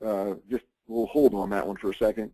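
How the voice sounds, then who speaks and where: A man's voice: on the low side, flat delivery, a little fast, mellow, dry recording, low-quality recording. A man presenting an insurance planning webinar, talking conversationally with frequent fillers and restarts. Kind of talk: informal webinar lecture.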